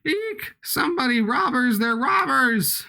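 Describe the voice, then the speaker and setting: Guy putting on a high squeaky scared girl voice, squealing and breathless, game dialogue read aloud. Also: wildly swooping pitch, slow pace, husky, exaggerated voice. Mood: panicked. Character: frightened young girl crying for help.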